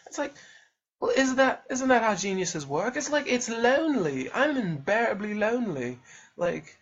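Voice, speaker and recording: Brief: young man, husky voice that swings high and low, rambling and boastful, dull lo-fi home-video sound. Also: very animated, normal speed. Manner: boastful, rambling, jokey, often slips into put-on voices. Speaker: self-published author promoting his book. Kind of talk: rambling self-promotional monologue.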